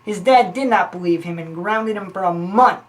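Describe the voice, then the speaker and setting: A woman playing a rambling, scheming female informant who tells long stories in a deadpan way. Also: medium pitch, moderate pace, natural voice, rough recording. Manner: long-winded, deadpan storytelling.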